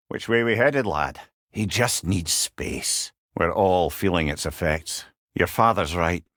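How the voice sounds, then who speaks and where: Wry, counseling sidekick head for game lines, animated delivery, dry studio sound. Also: male voice, lowish voice, dry recording, exaggerated voice. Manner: familiar, calls listener brother and lad. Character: wise, wry older male advisor, a talking head. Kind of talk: video game voice acting.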